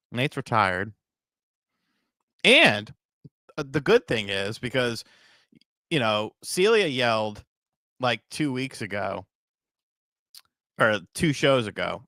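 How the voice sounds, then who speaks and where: A man's voice: mid-range voice, sharp tone, no echo, clean studio sound. A man hosting a podcast livestream in a rambling, casual way, swearing and reading donations, tired from a short night. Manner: rambling, swears casually, laughs at own bits. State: tired from little sleep. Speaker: podcast host.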